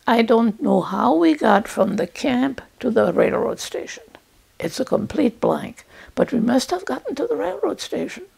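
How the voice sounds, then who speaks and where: A woman in her eighties telling her own life story as personal testimony, speaking in a halting, reflective way with pauses and restarts. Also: on the high side, creaky, darkish tone, breathy edge, rough recording. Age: 80s. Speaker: Holocaust survivor recounting her experience.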